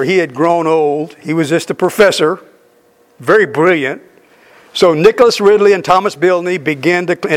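Man, middle-aged, preacher, high voice, emphatic storytelling sermon. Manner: storytelling, emphatic with repeated phrases.

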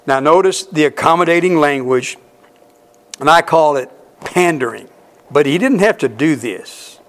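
A middle-aged man preaching an expository sermon, conversational and emphatic, asking his listeners questions as he reads and explains scripture. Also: a little high.

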